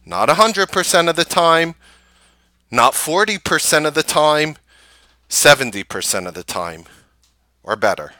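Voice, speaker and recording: A man host recapping a trading day and pitching his course, emphatic and full of rhetorical questions. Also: pushed and bright, no echo.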